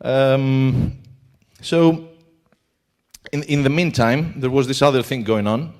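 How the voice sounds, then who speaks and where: Greek-accented male conference speaker, halting delivery. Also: mid-range voice, darkish tone. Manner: hesitant, many fillers. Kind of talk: conference talk. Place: conference hall.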